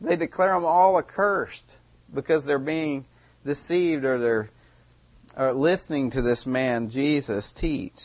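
A man preaching a sermon. He talks in a relaxed, conversational way and often repeats phrases or starts over. The recording is dry and a little dull. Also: medium pitch, a little slow, dry recording.

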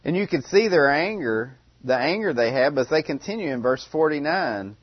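A man's voice: on the high side, expressive, normal speed, hardly any pauses, husky, no echo, muffled recording. A man preaching a sermon in a conversational way, often repeating phrases and restarting.

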